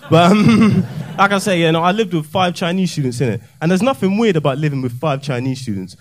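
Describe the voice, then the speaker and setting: A young man doing a deadpan, self-mocking, slangy stand-up set in a comedy club. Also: on the high side. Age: young adult.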